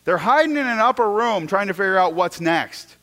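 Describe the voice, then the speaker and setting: Animated preacher with a high-ish voice. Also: male voice, a little fast. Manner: storytelling, swings from loud excitement to hushed asides, repeats words. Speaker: pastor. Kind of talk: sermon.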